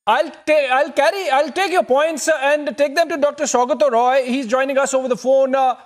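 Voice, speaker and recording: A man's voice: extremely high pitch, fairly even intonation, fairly quick. A man moderating a live TV debate as news anchor, pressing guests with questions and frequent hesitant restarts. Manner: interjecting, repeated hesitations.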